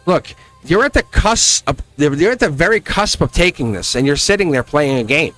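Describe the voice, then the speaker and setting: Man, live tarot reading, fairly high voice, emphatic, laughs often, faint music behind. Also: normal speed. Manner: animated, emphatic, laughs often, scolding teacher tone. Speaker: tarot reader.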